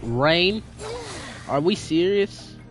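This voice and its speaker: A young gaming streamer chats with viewers as he plays, full of slang and talk, with game music behind him. His voice is on the high side and animated, yet he speaks extremely slowly.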